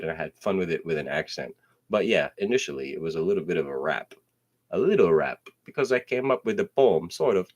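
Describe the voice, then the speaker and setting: A man hosts his own solo show, rambling through a profane stream-of-consciousness monologue that slips into half-rapped verses and swings between loud outbursts and low mutters.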